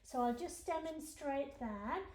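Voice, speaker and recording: A woman's voice: high-pitched, lively intonation, a little slow, darkish tone. A woman piano teacher giving a lesson, patiently explaining each step to her students. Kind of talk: instructional lesson. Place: room with a piano. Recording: roomy echo with faint piano.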